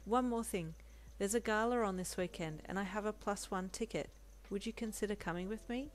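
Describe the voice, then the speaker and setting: A woman voicing a cheerful, bashful young male hero who talks softly and eagerly, in a storybook reading. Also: mid-range voice, a little fast, natural voice. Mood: friendly. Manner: soft, eager and sweet.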